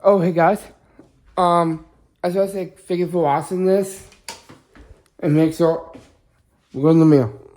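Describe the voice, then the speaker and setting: This is a man talking casually to camera for his vlog, high-pitched and a little mellow, with fairly even intonation. He's unhurried and pauses often, rambling and repeatedly restarting or correcting himself mid-sentence.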